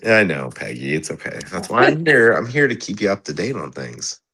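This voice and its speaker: A man's voice: lowish voice, big pitch swings, brisk, bright, forceful tone, breathy edge. A man joining a livestream chat, joking and teasing the host. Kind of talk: casual chat.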